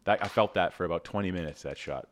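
A man's voice: sits low, fast talker. A man co-hosting a casual podcast chat who jokes around, rambles, and restarts his sentences.

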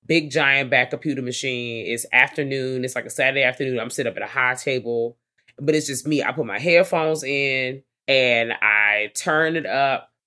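A woman with a low voice, co-hosting a casual podcast. She recaps a film with animated energy, her delivery swinging up when the scene gets wild. She swears freely as she talks. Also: moderate pace. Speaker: podcast co-host. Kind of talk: casual movie recap chat.

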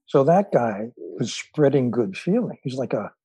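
A man who is a psychologist and author, a guest on an interview podcast, telling stories thoughtfully with frequent filler pauses. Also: mid-range voice, big pitch swings, mellow, breathy edge, dry recording, poor audio. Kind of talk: relaxed storytelling in conversation.

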